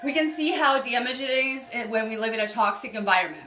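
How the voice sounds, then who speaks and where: A woman's voice: a little high, expressive, quick pace, pushed and bright, roomy sound, soft background music. A woman doing a casual card reading on a live stream as a spiritual healer, chatty and upbeat, greeting viewers by name.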